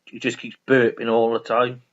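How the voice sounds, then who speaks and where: A man's voice: mid-range voice, monotone, normal speed, muffled recording. A man hosting his own video, chatting casually and enthusiastically about a favourite comedy, repeating himself and swearing freely. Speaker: video host.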